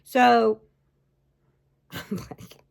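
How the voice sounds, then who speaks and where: A woman hosting a crochet channel, chatting casually and rambling as she shows off mail she got, laughing often. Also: very slow. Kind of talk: casual chat showing happy mail.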